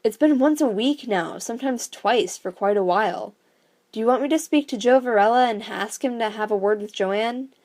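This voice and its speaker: A woman's voice: a little high, moderate pace, darkish tone, lightly acted. A woman reading a worried, stern father. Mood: concerned.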